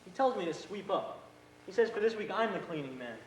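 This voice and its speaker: A man's voice: high-pitched, brisk. A young man acting an earnest, hot-headed eighteen-year-old brother in a school stage play, telling a story animatedly. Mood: indignant storytelling. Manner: animated storytelling, mimics his boss. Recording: echoey auditorium, faint hiss.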